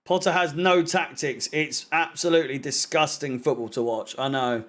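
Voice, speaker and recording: A man's voice: on the high side, moderate pace, a bit bright. A man hosting a live match watch-along, sarcastic and swearing, with frustrated outbursts at the players. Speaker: fan channel host watching a match.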